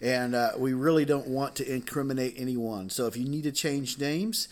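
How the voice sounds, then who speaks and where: A man's voice: medium pitch, normal speed. A man who is a pastor, co-hosting a podcast, talking casually and laughing often as he tells stories. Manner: animated, laughs often, repeats words.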